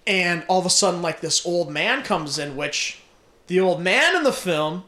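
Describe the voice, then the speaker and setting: There's a roomy echo as this young man, his voice high, recounts a film plot at normal speed. He curses freely, laughs a lot, and tells the story casually and with animation.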